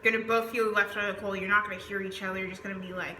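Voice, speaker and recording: Racing through a rambling, filler-heavy tarot reading with few pauses, a woman with a Southern accent speaks in a sharp, medium-pitched voice that barely moves in pitch. Faint background noise and a roomy echo are audible.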